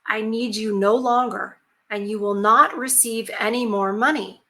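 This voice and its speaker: A woman's voice: fairly high pitch, measured pace, fairly bright tone. A woman voicing a stern old king in a storybook reading, in plain quoted dialogue. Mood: curt.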